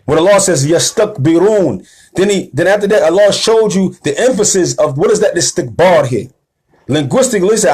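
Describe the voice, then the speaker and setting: Man preaching, slangy and emphatic, keeps asking okay?, voice on the higher side. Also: animated, fast, breathy edge. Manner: rousing, rising and louder at the call to action. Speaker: religious teacher. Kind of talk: sermon lecture.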